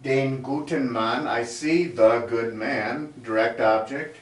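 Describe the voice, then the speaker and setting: Slow-talking man teaching at a board. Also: mid-range voice. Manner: slow, explanatory, writing on a board as he talks. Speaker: German teacher. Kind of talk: classroom grammar lesson. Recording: echoey room, mic far off.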